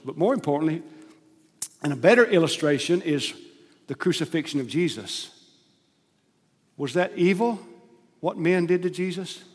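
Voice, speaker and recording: A man preaching a sermon as pastor, emphatic, rising to loud stressed phrases and dropping to soft asides. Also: medium pitch. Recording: long hall reverb.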